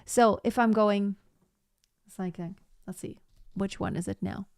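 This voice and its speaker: A woman teaching a live online singing lesson, explaining slowly and breaking off to sing short phrases as demonstrations. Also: mid-range voice, steady tone, vocal fry, clean tone, dry recording, studio quality.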